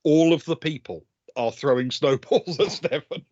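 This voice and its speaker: A man's voice: a little high, a little mellow, no room sound. Game master man with a dull dry mic. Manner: measured, hesitant with frequent ums. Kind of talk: narrating a tabletop game.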